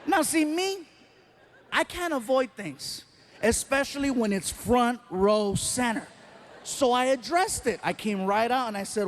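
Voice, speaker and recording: High, lively stand-up comedian man. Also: measured pace, slight background noise. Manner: animated, acts out voices and crowd sounds. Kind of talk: stand-up storytelling.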